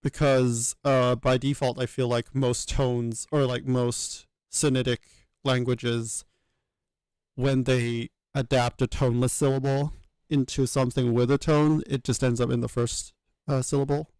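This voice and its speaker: A man's voice: mid-range voice, level tone, unhurried, darkish tone, no echo. A man thinking aloud as he works, hesitant, with many fillers and self-corrections. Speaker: channel host working through a reconstruction. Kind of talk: thinking aloud while working.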